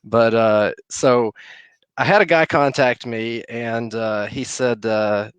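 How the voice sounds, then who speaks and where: Man, wrestling promoter, casual storytelling, self-deprecating, medium pitch, dry sound. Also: steady tone, takes it slowly, clear, resonant tone, no room sound. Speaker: wrestling promoter, podcast guest.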